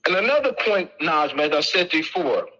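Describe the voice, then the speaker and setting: A middle-aged speaker lectures with a high, sharp, forceful voice and big swings in pitch, at a normal speed. Repeating himself emphatically, he's casual but insistent; the recording is low quality.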